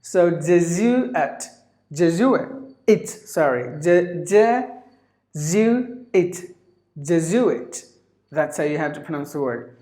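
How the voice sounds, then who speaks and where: A man teaching English pronunciation, repeating each word several times in a drawn-out way. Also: on the high side, animated, dark tone. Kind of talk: pronunciation lesson. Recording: roomy echo.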